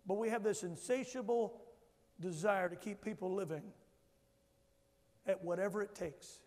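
A male pastor with a high, slightly mellow voice preaches emphatically at a moderate pace, urging the congregation to answer back. The sermon rings with long church hall reverb in the sanctuary.

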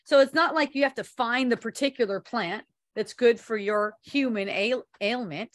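A woman with a slightly high voice leads a relaxed online spiritual talk. She rambles loosely, laughs often and swears casually. Now and then she reads viewer comments aloud. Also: normal speed.

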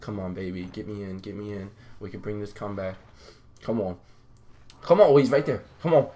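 A man's voice: fairly low pitch, fairly quick, warm tone. A young man giving live commentary over his own gameplay, talking to viewers, swearing, and getting hyped at his teammates. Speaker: gaming YouTuber.

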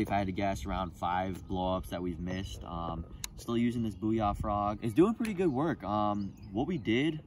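A young man vlogging from a kayak on a lake, talking casually and getting frustrated or excited over his catches. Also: fairly low pitch, slight background noise. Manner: frustrated, excitable, swears mildly, says "bro". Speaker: fishing vlogger. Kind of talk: casual on-the-water vlog.

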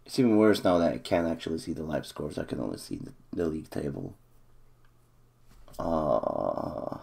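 Deep gravelly man commentating a game. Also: sing-song, moderate pace, a little mellow. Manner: nervous, swings from muttering to cheering. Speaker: gaming YouTuber.

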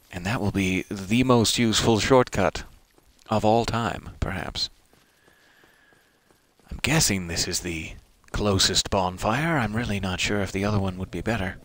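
Brief: low-pitched male streamer, musing and wry, soft-spoken let's play commentary. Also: dry recording. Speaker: game streamer.

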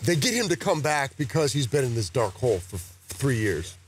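An actor appearing as a guest on a talk show set at a golf tournament, with cameras around, rambles through a casual interview and jokes at his own expense. His mid-range voice is very animated at a normal pace, with slight background noise.

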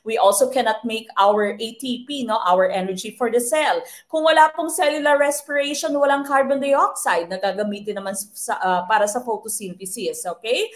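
A woman's voice: on the high side, steady tone, brisk, few pauses. A young adult woman with a Filipino accent teaches a live online exam review, switching between English and Tagalog and adding polite "po".

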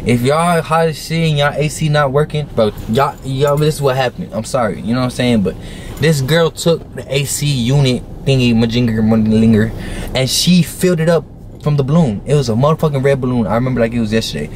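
A man's voice: medium pitch, a little fast, a little mellow, a little hiss or hum. A young man casually telling a story to camera, slangy and profane, with plenty of fillers. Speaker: vlogger.

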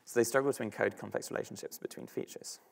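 Man, British accent, rapid slide talk, heavy vocal fry, low voice. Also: fairly even intonation. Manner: quick, thinking aloud with frequent fillers and restarts. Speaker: student speaker.

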